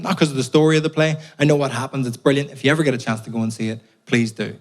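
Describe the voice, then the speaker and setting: A man's voice: on the high side, fairly even intonation, very fast, few pauses. Young irish guy doing stand-up, storytelling with sweary punchlines, live crowd. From Ireland. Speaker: stand-up comedian. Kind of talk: stand-up comedy set. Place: theatre stage before a live audience.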